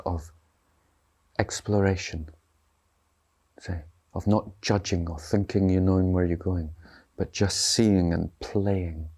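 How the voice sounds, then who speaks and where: A man's voice: sits low, fairly even intonation, slow, pauses often, a little mellow. A man giving a dharma talk as a meditation teacher, speaking loosely and conversationally and often checking in with his listeners. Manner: conversational, checks in with tag questions.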